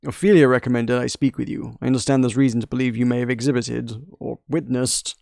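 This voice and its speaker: A man's voice: medium pitch, flat delivery, quick pace, vocal fry, a little mellow, dry recording, studio quality, close to an everyday voice. A man voicing a stern male castle guard who questions people in a formal, probing way.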